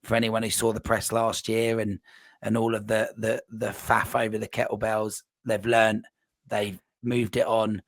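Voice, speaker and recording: A man's voice: fairly low pitch, monotone, unhurried, no echo. A man hosting a podcast, enthusiastic and rambling, with plenty of fillers. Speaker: podcast host, coach. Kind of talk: casual podcast interview.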